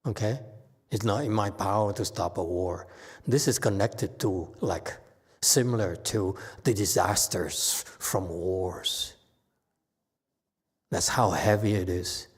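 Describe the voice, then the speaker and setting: A man with a low voice gives an unhurried Buddhist Dharma talk, speaking very slowly. His delivery is halting, with frequent restarts and a questioning "okay?" tagged onto his points. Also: husky. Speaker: Buddhist teacher. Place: temple hall.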